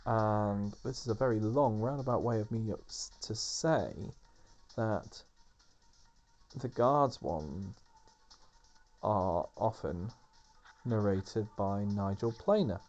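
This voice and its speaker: A man with a lowish, relaxed and mellow voice chats his way through a let's play at an unhurried pace, full of fillers and restarts. The audio is dull and lo-fi. Faint game music plays underneath. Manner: rambling, filler-heavy chatter. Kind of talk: casual gameplay commentary.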